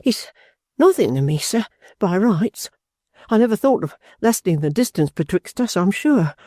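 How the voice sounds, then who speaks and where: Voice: mid-range voice, very animated, unhurried, mellow, no room sound, studio quality, pitched above the performer's own voice. A reader voicing a humble, earnest young man who stammers and keeps saying "sir" in a storybook reading. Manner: stammering, deferential, many "sir"s.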